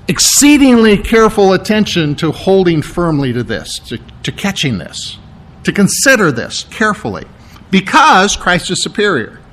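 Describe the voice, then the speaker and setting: High-voiced man preaching a sermon. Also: a bit bright. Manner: conversational, repeats words, explains step by step. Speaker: pastor.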